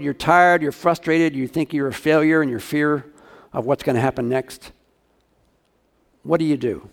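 A man's voice: medium pitch, creaky. A male pastor preaching a sermon, talking casually and asking his congregation questions.

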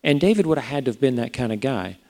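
A man's voice: mid-range voice, animated, fast talker, a little mellow. A man preaching a sermon in a conversational way, often putting rhetorical questions to his listeners. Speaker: pastor.

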